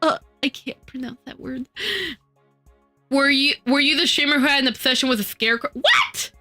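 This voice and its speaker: A woman's voice: high voice, fairly even intonation, fairly quick, sharp tone, soft background music. A woman streamer chatting casually with her live chat as she works, teasing and mock-indignant in her banter.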